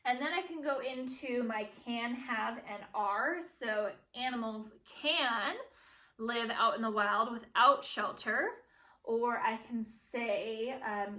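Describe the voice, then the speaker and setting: A young woman teacher models writing for young students, slowly sounding out each word as she writes it. Her voice is bright and a little high, and it sounds roomy and echoey from a bit off the mic. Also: recorded from a distance. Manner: slow, deliberate, says each word aloud as she writes it.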